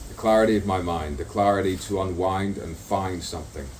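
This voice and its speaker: A man's voice: low voice, fairly quick, a little mellow. A man speaking an improvised stream-of-consciousness monologue outdoors, rambling through rhyming wordplay and repeating words over and over. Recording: distant mic with faint background noise.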